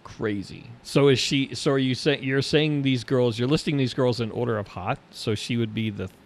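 A middle-aged man co-hosts a casual chat, speaking in an animated way and quickly switching to high-pitched impressions whenever he quotes someone.

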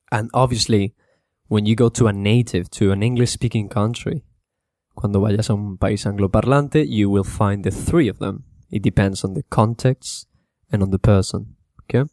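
A man teaching English to Spanish speakers in a casual spoken lesson, repeating words slowly to show how they sound. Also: fairly low pitch, dry recording, clean studio sound. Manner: relaxed, repeats words slowly to model pronunciation, mixes in Spanish.

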